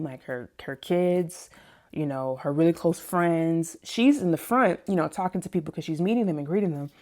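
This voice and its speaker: Animated woman telling a story, low-pitched. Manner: animated, laughs often, acts out other people's lines in a higher voice. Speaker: plant-based personal chef and vlog host. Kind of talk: casual storytelling to camera.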